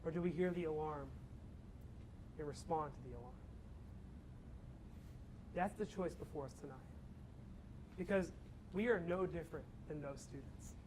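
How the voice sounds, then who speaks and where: Telling a story to a student audience, this young campus ministry speaker brings energy, voicing the characters and acting out his own shouting. His voice is fairly high, his pace moderate with long pauses, and faint noise is audible behind him.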